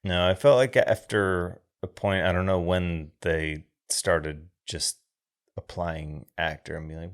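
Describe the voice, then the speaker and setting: Podcast co-host, very low pitch, dry, teasing, casual film talk. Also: steady tone, slow. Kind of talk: casual film-review chat.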